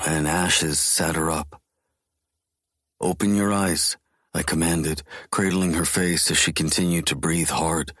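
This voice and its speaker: Very deep husky male narrator. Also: a bit bright, no echo, studio quality. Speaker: audiobook narrator. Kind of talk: first-person romance narration.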